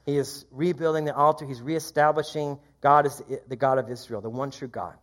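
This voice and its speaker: A man preaching a sermon, reading scripture aloud and commenting in a conversational, lively way. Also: fairly quick. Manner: lively, rises in pitch when quoting. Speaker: pastor.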